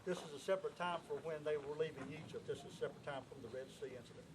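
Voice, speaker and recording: A man's voice: on the high side, very fast. A man from Alabama, giving an earnest, emotional, preacher-like speech at a cemetery dedication. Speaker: speaker at a marker dedication. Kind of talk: outdoor public speech. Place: outdoors at a cemetery. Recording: outdoor camcorder with background noise.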